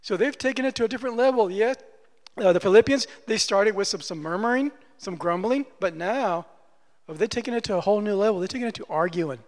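A man with a high-pitched voice talks fast, preaching a conversational sermon as a pastor in church. He's emphatic and repeats phrases for stress, and the recording carries long church-hall reverb.

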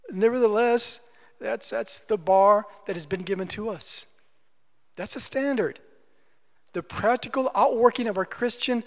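High-voiced preacher in a reverberant hall. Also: male voice. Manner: emphatic, repeats phrases for stress. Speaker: pastor. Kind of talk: conversational sermon. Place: church. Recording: long church-hall reverb.

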